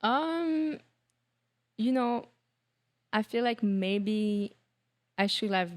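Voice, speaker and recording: A woman from France with a French accent, a guest on a podcast, talking in a relaxed, reflective way with frequent fillers. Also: medium pitch. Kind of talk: casual interview chat.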